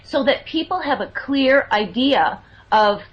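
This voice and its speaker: A woman's voice: high voice, animated, measured pace, slight background noise. A woman in a radio talk discussion, conversational and thinking aloud as she speaks. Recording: dull lo-fi broadcast audio.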